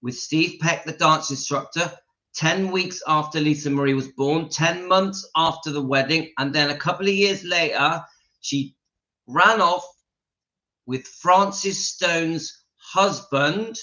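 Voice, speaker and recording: Man, livestream host, forceful bright voice, opinionated, dull lo-fi audio. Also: on the high side, normal speed. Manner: opinionated, emphatic, reads viewer comments aloud. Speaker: channel host reading live chat. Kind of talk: casual livestream chat.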